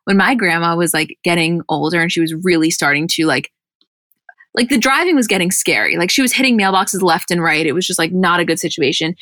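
A young woman co-hosts a podcast, rambling casually with lots of filler words while recapping a reality show. Her fairly low voice is a bit bright and a little fast, recorded with no echo.

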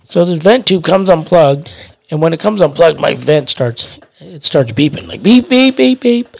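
Brief: man, somewhat high, gravelly voice, laid-back slangy storyteller. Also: moderate pace, darkish tone. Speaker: podcast guest. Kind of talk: casual chat.

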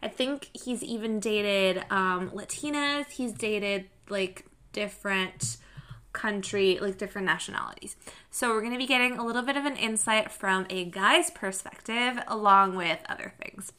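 A young woman from Mexico hosting a podcast, talking in a chatty, animated, self-deprecating way. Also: mid-range voice, normal speed. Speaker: podcast host. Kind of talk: casual monologue.

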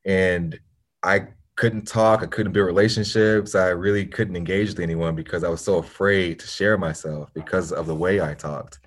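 A man speaks in a notably low, deep voice. He tells his story in an earnest, reflective conversational way, with the occasional restart, as a guest on a podcast interview. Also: fairly even intonation, moderate pace. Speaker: nonprofit founder, podcast guest.

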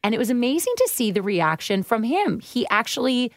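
A woman co-hosting a talk show, lively and chatty, laughing as she asks questions. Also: on the high side, a little fast, dry recording, studio quality. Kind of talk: casual chat.

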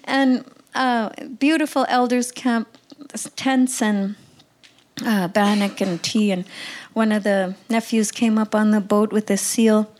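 A young woman from the Canadian Arctic speaks her mind in an impassioned personal talk. Her voice sits at an ordinary mid pitch. She is blunt and fervent and swears freely. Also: fairly even intonation, takes it slowly, a little mellow. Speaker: speaker sharing her views.

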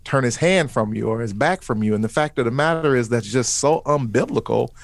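A gravelly-voiced man at a medium pitch runs a faith-based interview podcast, talking a little fast with no room sound. He affirms his guest often, sprinkling in "amen" and "praise God."

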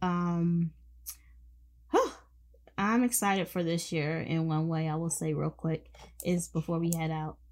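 Fervent young woman preaching to listeners. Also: on the low side. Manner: fervent and affectionate, repeats phrases, calls listeners honey and baby. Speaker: podcast host. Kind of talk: faith podcast monologue.

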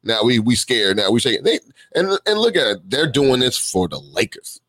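A man of middling pitch hosts a podcast, trading loose, excitable sports banter. The sound is dry and close. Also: moderate pace, no echo. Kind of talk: casual podcast chat.

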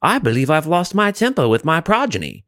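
A man's voice: fairly high pitch, very animated, a little fast, fairly bright tone, no room sound, clean studio sound, voice pushed up. A man voicing an imagined mother who answers in a pompous, overly formal way. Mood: mock-polite.

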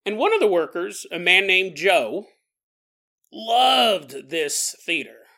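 A high, sharp-toned man speaks slowly yet very animatedly as he hosts a podcast. His paranormal storytelling is rambling and comedic, peppered with jokes and mock voices.

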